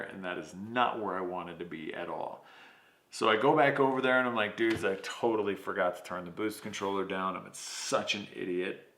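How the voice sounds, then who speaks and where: A man hosting his podcast, telling a story in a casual, animated way, swearing freely and acting out what people said. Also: on the low side, roomy sound. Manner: animated, swears, acts out quotes. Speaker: podcast host.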